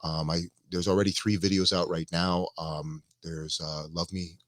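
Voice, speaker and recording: Very deep-voiced man, relaxed chat. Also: dry recording. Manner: relaxed, halting, many fillers and restarts. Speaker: musician guest. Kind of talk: casual interview chat on a live stream.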